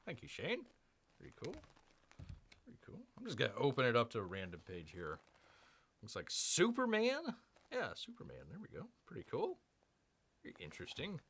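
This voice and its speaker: A man's voice: mid-range voice, wildly swooping pitch, moderate pace, long pauses, fairly bright tone, breathy edge. A man hosting a casual live stream, rambling and self-mocking as he unboxes comics and reads chat, calling himself Bear.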